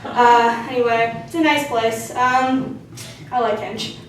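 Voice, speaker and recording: High-voiced woman doing stand-up. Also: slow pace, a little hiss or hum. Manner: deadpan, crude punchlines. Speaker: stand-up comedian. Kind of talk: stand-up set. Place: theatre stage. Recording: roomy hall from far off. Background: audience laughter.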